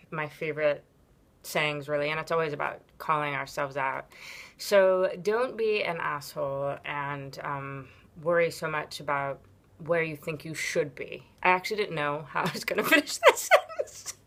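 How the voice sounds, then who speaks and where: A woman with a low-pitched voice speaks straight to camera in a casual, unscripted vlog. She teaches yoga and talks frankly, rambling along with plenty of ums and a casual swear here and there. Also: lively intonation, normal speed, vocal fry, fairly bright tone. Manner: candid, rambling, with frequent ums and profanity.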